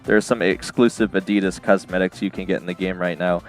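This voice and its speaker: American man, live streamer, casual chat, deepish voice, laughs a lot, faint music behind. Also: steady tone, brisk. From United States. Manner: chatty, laughs often, answers chat by name.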